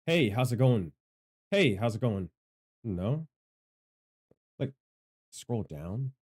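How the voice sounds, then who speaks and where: Loud, rambling man testing his mic. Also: medium pitch, sing-song, slow, breathy edge. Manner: loud, rambling and self-deprecating. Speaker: gaming content creator and streamer. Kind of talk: casual livestream mic testing. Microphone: studio microphone with equalizer.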